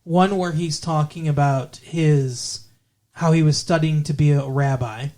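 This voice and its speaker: A man's voice: a little high, steady tone, measured pace, dark tone. A man co-hosting a casual movie podcast, rambling and digressive, often correcting himself mid-sentence. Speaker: podcast co-host.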